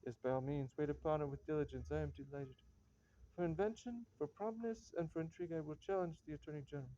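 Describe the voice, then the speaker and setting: A man's voice: a little high, fast talker, dark tone, close to an everyday voice. A man playing a chatty, scheming male servant who pleads and wheedles, in a reading of a stage comedy. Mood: eager. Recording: dull lo-fi recording.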